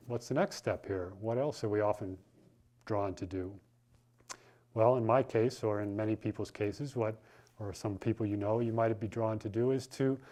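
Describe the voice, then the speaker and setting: A man gives a sermon in a low voice, speaking informally and telling a story as he goes. He often restarts his sentences mid-thought. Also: warm tone. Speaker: spiritual teacher.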